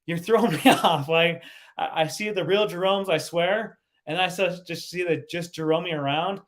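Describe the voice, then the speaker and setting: A man's voice: high-pitched, moderate pace, a bit bright. A man hosting a casual livestream, laughing often and stumbling over his words as he reads the chat. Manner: giggly, laughs often and breaks off mid-sentence. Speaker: livestream host.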